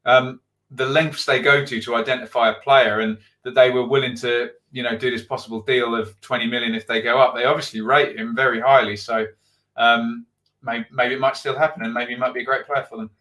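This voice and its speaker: A man's voice: medium pitch, level tone, brisk, pushed and bright. A middle-aged man hosting a live football stream, reading out viewer comments and thinking aloud with frequent ums. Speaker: football channel host.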